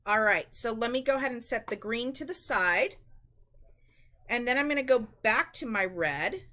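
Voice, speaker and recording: A woman's voice: on the high side, lively intonation, moderate pace, bright, forceful tone. A woman hosting a live-stream craft demonstration, chatty and instructive, often calling her viewers "guys.".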